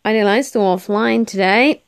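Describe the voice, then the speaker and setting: A woman's voice: on the high side, very animated, slow, darkish tone, no echo. A young woman live streaming a game, chatting casually with viewers, tired and yawning as she talks. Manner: chatty, greets viewers, yawns and laughs often.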